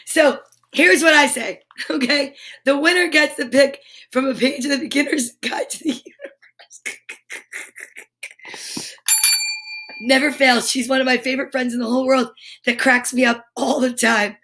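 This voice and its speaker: This middle-aged host of a live kids' show has a high, sharp voice with a steady tone, talking a little slowly and pausing often. Playful and bubbly, she chats straight to her viewers and picks up on their comments during the live stream.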